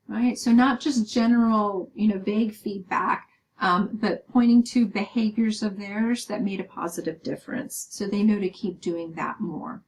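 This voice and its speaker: A woman's voice: mid-range voice, unhurried, darkish tone, a little hiss or hum, low-quality recording. A woman giving a recorded lecture, explaining step by step with many "um"s and "right?" checks. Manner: explaining with frequent "um" and "right?" tag questions.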